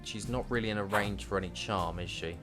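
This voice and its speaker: Male streamer, lowish voice, easygoing play-by-play over game music. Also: brisk. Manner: chatty, talks to game units as mates. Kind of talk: casual gameplay commentary.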